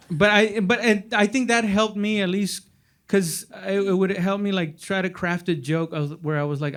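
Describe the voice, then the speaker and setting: A man's voice: sits high, fairly quick, a bit bright. A male comedian on a panel, telling self-deprecating stories in a laid-back way. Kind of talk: panel discussion.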